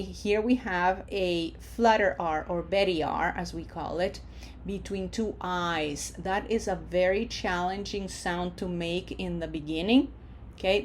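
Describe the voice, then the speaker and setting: A woman teaching a language lesson, speaking slowly and deliberately and checking in often with "okay?". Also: mid-range voice, darkish tone, a little hiss or hum. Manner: models words slowly with drawn-out vowels, frequent "okay?" checks. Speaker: Spanish teacher.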